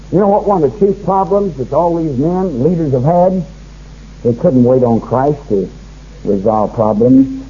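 A man's voice: on the high side, mellow, lo-fi sound, slight background noise. A man preaching a fervent sermon, reading scripture aloud and rising in force as he warns his listeners.

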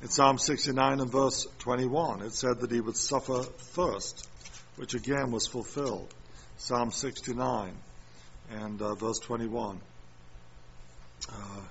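A man's voice: medium pitch, fairly even intonation, slow pace, vocal fry. A man preaching a sermon, reading scripture and repeating chapter and verse. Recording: muffled recording with faint room noise.

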